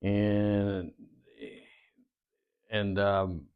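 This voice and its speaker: A man's voice: fairly low pitch, little pitch movement, extremely slow, smooth. Rambling storyteller man, muffled audio. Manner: rambling anecdotes with many fillers and quoted dialogue. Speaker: guest wrestler. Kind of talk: storytelling interview. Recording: dull lo-fi audio.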